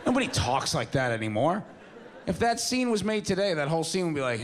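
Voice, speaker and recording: Animated young male stand-up comic. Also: fairly high pitch, fast, crowd noise. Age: 20s. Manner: casual, rambling, self-mocking. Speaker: stand-up comedian. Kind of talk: stand-up comedy set. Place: comedy club stage.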